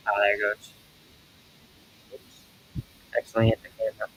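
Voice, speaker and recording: Lowish guy just chatting on his art stream, kinda rambly, lots of uh and um. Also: completely flat delivery, a bit bright, a little hiss or hum, low-quality recording. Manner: rambling, halting with many fillers. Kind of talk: casual live-stream chat while drawing.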